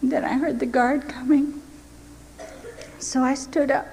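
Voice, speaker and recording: An older American woman gives a heartfelt personal testimony about being a missionary, earnest and sometimes dropping to a near-whisper. Her voice is high-pitched, unhurried, fairly even and darkish in tone, with long hall reverb and faint hiss behind it.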